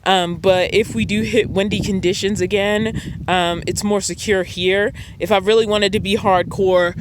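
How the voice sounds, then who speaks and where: A woman's voice: mid-range voice, fairly even intonation, normal speed, noisy background. A woman vlogging from her van campsite in casual, rambling chat with frequent ums. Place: outdoor desert campsite beside a van.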